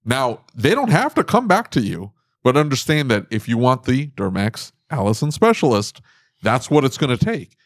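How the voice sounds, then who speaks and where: A man's voice: mid-range voice, sing-song, moderate pace, no echo, clean studio sound. A man co-hosting a casual business chat, plain-spoken and joking.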